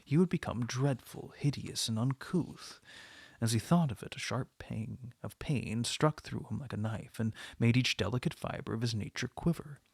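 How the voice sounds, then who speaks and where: A man narrating a classic novel as an audiobook in a measured, dramatic manner. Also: medium pitch, gravelly, breathy edge, no room sound, studio quality. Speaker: audiobook reader.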